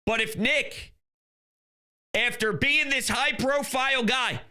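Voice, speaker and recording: A man delivers a heated sports rant in a strikingly high voice with a hard, cutting edge. He scolds critics in a exasperated way. He lurches between shouting and muttering under his breath. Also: takes it slowly, clear, resonant tone. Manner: ranting, exasperated, insults critics; swings between loud outbursts and muttering. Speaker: sports commentator.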